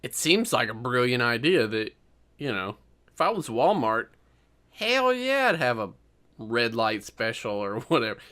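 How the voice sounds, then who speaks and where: A man's voice: medium pitch, animated, normal speed, pushed and bright. A man co-hosting a podcast in casual chat, rambling and hedging with lots of fillers. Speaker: podcast co-host.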